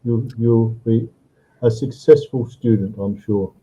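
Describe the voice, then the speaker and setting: A man's voice: mid-range voice, unhurried, mellow, husky. Patient man tutoring over a dull call. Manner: patient, tags sentences with "okay?" and "all right?". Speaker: English tutor. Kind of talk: online tutoring session. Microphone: video call.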